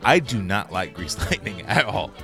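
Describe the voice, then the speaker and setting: A middle-aged man hosting a podcast, joking and swearing, often trailing off quietly. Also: low voice, sing-song, normal speed, faint music behind. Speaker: podcast host. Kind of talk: casual podcast banter.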